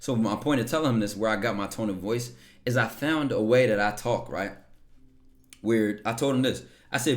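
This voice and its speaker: A man's voice: on the low side, moderate pace. A man hosting a live stream, talking casually and rambling, often checking in with his audience. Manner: laid-back, rambling, keeps checking in with "right?". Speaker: livestream host.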